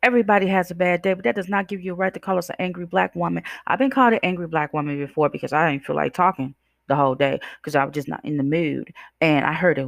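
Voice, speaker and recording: A woman's voice: fairly low pitch, fast, creaky, no echo, clean studio sound. A woman hosting her own podcast as a life coach, speaking emphatically and preaching directly to her listeners. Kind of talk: podcast monologue.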